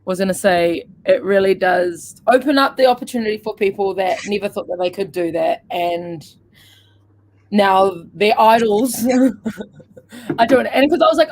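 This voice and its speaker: A woman's voice: medium pitch, normal speed, a little mellow, slight background noise. A woman co-hosting a casual chat, giggly and chatty, often trailing off mid-sentence. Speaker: podcast co-host.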